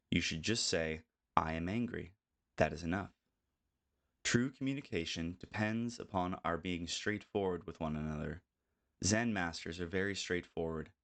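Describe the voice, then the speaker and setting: Older male audiobook narrator, deep low voice, calm and measured delivery. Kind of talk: scripted narration.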